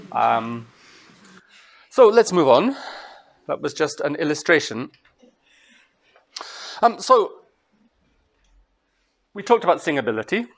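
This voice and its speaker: A man from Scotland with a Scottish accent, giving a master class to students in an unhurried, explanatory way with thoughtful pauses. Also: fairly high pitch, very animated, creaky. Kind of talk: lecture to students.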